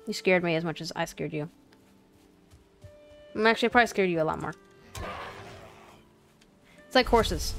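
A woman's voice: on the low side, normal speed, vocal fry, pauses often, fairly bright tone, soft background music. A woman commentating her own gameplay in a casual, playful way, chatting to the game's creatures and apologizing to them. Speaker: gaming channel host.

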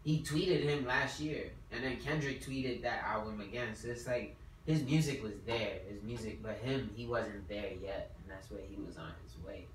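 A man's voice: medium pitch, moderate pace. A man co-hosting a podcast, chatting casually and rambling with restarts and lots of "like". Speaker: podcast co-host. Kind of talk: casual chat. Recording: roomy, distant mic, faint noise.

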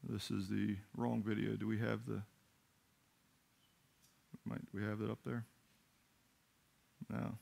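Gravelly-voiced pastor preaching earnestly. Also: male voice, fairly low pitch, flat delivery, a little mellow. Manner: earnest storytelling with halting restarts. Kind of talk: sermon. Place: church sanctuary.

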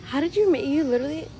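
A woman's voice: high voice, warm tone. A bubbly young woman in her twenties, chatting playfully on a handheld camera while walking through shops. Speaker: vlogger. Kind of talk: casual vlog chat. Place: shops and a restaurant, indoors.

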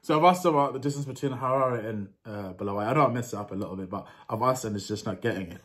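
A man's voice: medium pitch, very fast, a bit bright. A young man vlogging casually to camera, chatty and laughing, with street slang. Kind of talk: casual vlog talk to camera.

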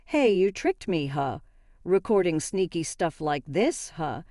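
A defensive, blustering husband caught out in his lies, read by a woman narrating a story. The voice sits low and mellow. It is recorded dry and close, with no room sound. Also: big pitch swings, unhurried, no room sound. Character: cheating bitter middle-aged husband.

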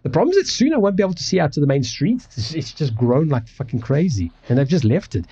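A man streams a casual, ranting chat from his apartment, rambling and cursing with many restarts. His voice is a little high, husky and dark-toned, quick and sing-song, with the highs cut off.

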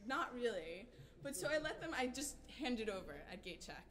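A woman's voice: fairly high pitch, normal speed. Chatty woman telling a wild story. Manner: animated, dramatic, laughing at herself. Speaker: singer-songwriter performing a showcase. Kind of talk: chatty storytelling between songs. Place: small hotel room showcase with a live audience. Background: guitar playing.

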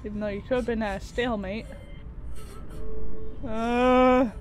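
A woman's voice: on the high side, steady tone, a little slow, music in the background. A young woman commenting on a video game as she plays, sentimental and reading game prompts aloud. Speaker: gaming YouTuber. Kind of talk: let's-play commentary.

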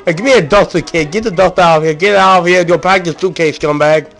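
A man voicing a gruff, rude grown man who growls out dismissive insults. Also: sits high, fast talker, heavy background noise, pitched below the performer's own voice.

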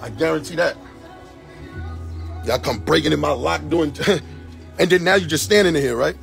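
Raspy high-voiced man arguing at his door. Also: moderate pace, fairly bright tone, soft background music. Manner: agitated, repetitive pleading demands. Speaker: man livestreaming from home. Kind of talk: live phone stream confrontation. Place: doorway of his home, indoors. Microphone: phone livestream.

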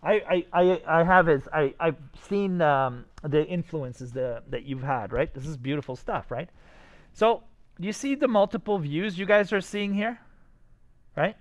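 An excited man teaches a design class, talking his students through their sketches. His voice sits a bit high. He keeps checking in with them, asking whether they get it. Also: measured pace. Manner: enthusiastic, talks to students directly with many "right?" checks.

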